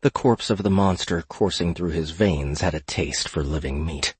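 A man narrating a fantasy audiobook in a steady, measured reading. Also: low voice, husky, no echo.

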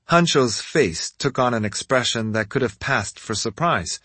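A man with a husky voice narrating a story in the first person, measured and expressive. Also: fairly low pitch, no room sound. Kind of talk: scripted audiobook narration.

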